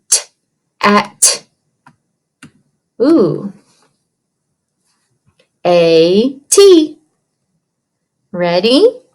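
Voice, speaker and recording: A woman teaching young children a writing lesson from her computer, slowly and patiently sounding out letters and words. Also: medium pitch, a little mellow. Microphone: computer mic.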